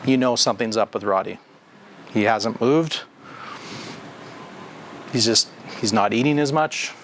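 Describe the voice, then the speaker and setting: A man of medium pitch leads a training session for a service team in an indoor room. He talks in a lively, conversational way and keeps asking the group questions. A faint hum of background noise runs under his voice. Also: a little slow. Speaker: company president giving staff training.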